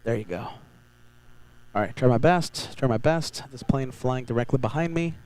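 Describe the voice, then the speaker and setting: A man's voice: mid-range voice, moderate pace, a little mellow, clean tone, low-quality recording. Upbeat man hosting a live stream. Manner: upbeat, repeats phrases, reads chat aloud. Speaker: livestream host. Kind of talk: live spotting stream commentary. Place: outdoors at a beach.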